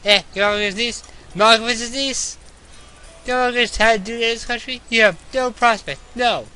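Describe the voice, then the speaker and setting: A man voicing a hot-headed young man who shouts in a put-on peculiar accent. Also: very high-pitched, normal speed, smooth, soft background music, voice pushed up. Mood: angry.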